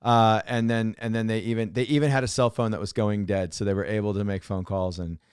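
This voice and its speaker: A man's voice: fairly low pitch, steady tone, fairly quick, a little mellow, clear, resonant tone, no echo, studio quality. Rambling, joking male podcast co-host. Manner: rambling, repeats words and restarts often; joking, sarcastic asides. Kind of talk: casual chat.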